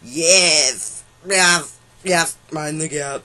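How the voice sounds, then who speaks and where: Erratic, bright-voiced creator spouting silly noises. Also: medium pitch, takes it slowly. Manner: erratic, jumps between silly noises, shouts and mock-serious lines; repeats words and nonsense syllables over and over. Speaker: online creator. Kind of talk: random comedic rambling and noises.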